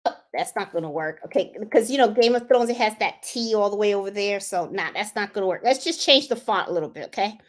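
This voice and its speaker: A woman hosting a live embroidery tutorial, chatting casually and thinking aloud as she clicks through design software. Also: mid-range voice, animated, fast. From Puerto Rico. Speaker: sewing and embroidery channel host.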